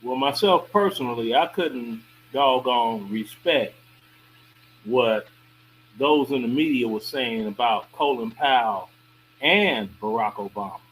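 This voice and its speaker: A man on a podcast, animated and incredulous as he talks things through. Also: medium pitch, measured pace, slight background noise, rough recording. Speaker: podcast co-host. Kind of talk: casual discussion.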